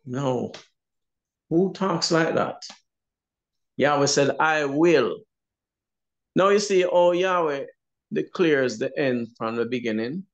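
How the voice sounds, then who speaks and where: A man's voice: fairly high pitch, lively intonation, takes it slowly, long pauses, lo-fi sound. A man with a Jamaican accent teaching a Bible class, emphatic and often asking "you see?". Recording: roomy echo.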